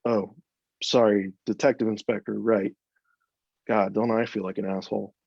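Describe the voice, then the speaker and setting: A man's voice: lowish voice, level tone, normal speed, vocal fry, darkish tone, dry recording. A man voicing a nervous, rambling American horror writer with an American accent, read aloud from a story. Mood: flustered. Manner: jittery, rambling, says "man" a lot. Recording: dull, dry, lo-fi sound.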